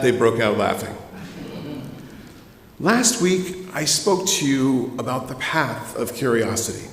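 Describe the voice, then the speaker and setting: A man's voice: medium pitch, fairly bright tone. Man, minister, conversational sermon, storytelling, echoey church hall, faint background hum. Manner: conversational, addresses the congregation directly. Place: church sanctuary.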